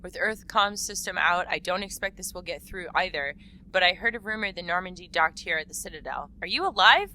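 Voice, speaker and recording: A woman putting on a sick alien assassin, formal and measured. The voice stays low with a bright edge. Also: animated, poor audio. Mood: earnest.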